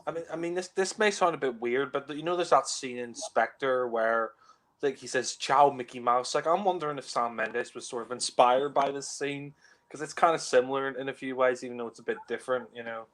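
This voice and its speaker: A man talking over a movie in a relaxed commentary. His pitch sits in the middle, and he hedges and restarts his sentences with plenty of "you know". It sounds like a home mic. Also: a little fast. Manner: hesitant, many "you know" fillers and restarts. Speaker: film commentator. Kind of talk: casual film commentary chat.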